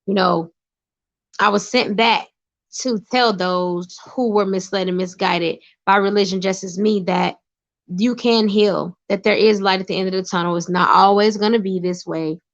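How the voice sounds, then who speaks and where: A woman's voice: mid-range voice, steady tone, moderate pace, lo-fi sound. A woman giving emphatic, preachy advice in casual talk, repeating phrases for emphasis. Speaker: vlogger sharing personal advice. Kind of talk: casual spoken monologue.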